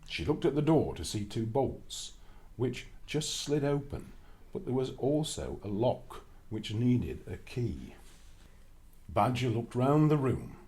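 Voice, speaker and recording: A man narrating a children's storybook with an expressive, lively reading. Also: mid-range voice.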